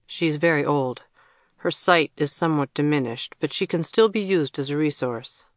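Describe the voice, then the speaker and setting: A storybook narrator voicing a grown man, a calm council official who speaks in a measured, composed way. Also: mid-range voice, dry recording, clean studio sound, close to an everyday voice.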